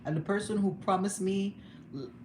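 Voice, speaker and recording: With a medium-pitched, darkish voice at a moderate pace, a young woman vlogs to her viewers from home. The livestream chat is casual, and she vents with candor and emotion, sometimes laughing. Her room echoes, and background noise is audible.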